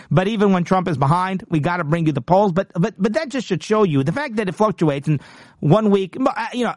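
A man's voice: sits high, no echo, studio quality. A man hosting a political commentary show, talking in an emphatic, combative monologue with frequent repeats and restarts.

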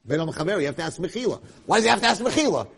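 Male rabbi, husky voice, very lively pitch, dramatic shifts from quiet to loud. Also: racing. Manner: animated, swings between hushed and loud passionate emphasis. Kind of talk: Torah lecture.

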